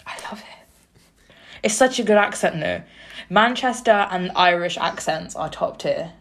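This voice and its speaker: A woman co-hosting a casual radio chat, chatty and animated, laughing often. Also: fairly low pitch, slow, pauses often. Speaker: radio co-host.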